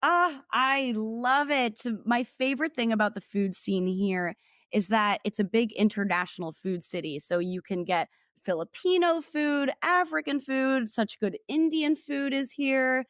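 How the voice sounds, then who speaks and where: A woman's voice: on the high side, a little slow, fairly bright tone, no room sound, studio quality. A young woman from New Jersey, a food content creator talking as a podcast guest in a bubbly way, often laughing as she speaks. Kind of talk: casual interview chat.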